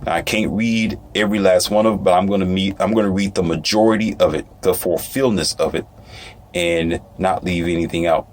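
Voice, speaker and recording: A man's voice: low voice, steady tone, fairly quick, slight background noise. A man giving casual commentary, reading news aloud with stumbles, asides and a dismissive streak.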